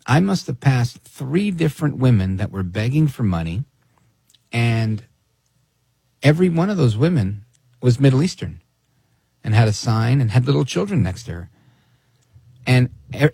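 A man hosting a talk radio show, giving opinionated commentary in a sarcastic, animated way. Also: mid-range voice, vocal fry, husky, no room sound. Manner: animated and sarcastic, mimics people in quoted asides.

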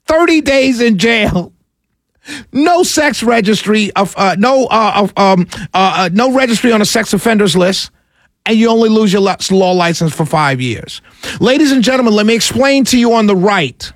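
A man's voice: very high voice, expressive, a little slow, dry recording, studio quality. A man giving ranting commentary to his audience, exasperated and incredulous, often stammering and laughing in disbelief. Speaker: political commentator.

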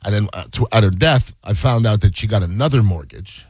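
Husky-voiced man in casual talk. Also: lowish voice, brisk, darkish tone, no room sound. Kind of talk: casual chat.

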